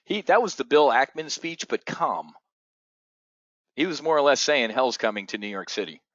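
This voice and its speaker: A man runs a live trading stream, talking bluntly and excitedly with frequent curses. His voice is dry and close, with a slightly dull, muffled tone. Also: medium pitch, normal speed, dry recording. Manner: excitable, profane, blunt asides. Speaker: options trading show host. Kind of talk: live market commentary.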